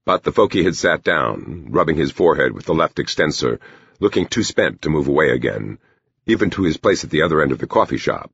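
A man narrating a novel in a measured storytelling manner. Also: very deep voice, very animated, vocal fry, a bit bright, slightly rough, no room sound. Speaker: audiobook narrator. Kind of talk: scripted narration. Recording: dull lo-fi recording.

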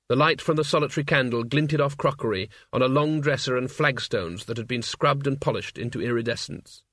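A man narrating an audiobook in a measured, dryly wry storytelling manner. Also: mid-range voice, fairly bright tone, dry recording, studio quality.

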